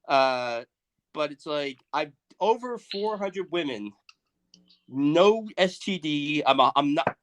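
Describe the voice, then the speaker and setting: A man in his thirties riffs through a crude, profane comedic rant as a podcast co-host. His voice sits a little high. He keeps lurching between loud outbursts and low, muttered asides. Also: expressive, slow. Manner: profane, ranting, swings loud and soft.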